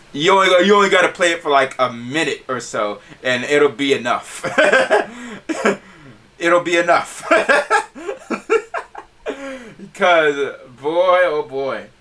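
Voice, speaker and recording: A man with a fairly high voice hosts a casual podcast, sounding animated as he laughs often and stumbles over his words, stammering and restarting. The mic is distant.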